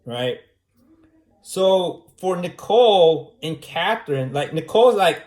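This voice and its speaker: A man's voice: high-pitched, lively intonation, measured pace. A man in a casual monologue who argues his point over and over and keeps asking "right?". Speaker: vlogger. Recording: echoey room.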